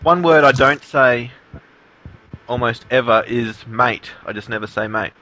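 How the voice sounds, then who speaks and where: Australian man, podcast co-host, laid-back and mild, bright crisp tone. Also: medium pitch, a little slow, low-quality recording. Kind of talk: casual podcast chat.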